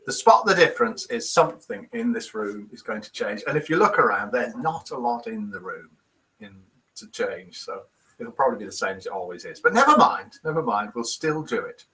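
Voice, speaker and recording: A man's voice: mid-range voice, very animated, brisk, pushed and bright, low-quality recording. A British man in his fifties hosting a live show, chatting and reading out viewers' comments and jokes in a self-mocking way. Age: 50s. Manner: chatty and self-mocking, puts on voices for quotes. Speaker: host of a live daily show.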